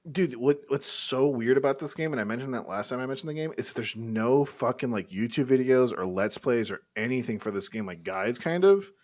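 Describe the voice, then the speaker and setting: A man co-hosting a gaming podcast, chatting casually and excitedly with swearing and filler words. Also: mid-range voice, a little fast, hardly any pauses. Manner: animated, swearing, "like" and "dude" fillers. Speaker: podcast co-host. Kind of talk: casual chat.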